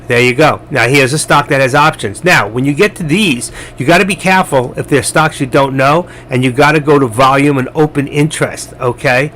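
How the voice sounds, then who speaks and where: A man's voice: medium pitch, fairly quick, hardly any pauses, a bit bright, slight background noise. A man hosting a live trading stream, chatting casually and rambling while he talks viewers through charts and answers their messages. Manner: chatty, rambling, addresses chat viewers directly.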